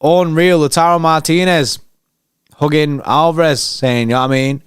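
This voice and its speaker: A man with a slightly high, resonant voice talks at a normal speed, clear and dry in the recording. He hosts a fan channel, doing live watchalong commentary on a match, excitable and slangy as he bants with chat, his sound close and dry.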